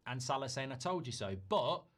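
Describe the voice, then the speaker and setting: A man giving measured football commentary, reasoning through options with the odd quick aside. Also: mid-range voice, expressive, fairly bright tone. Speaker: football pundit in a played clip.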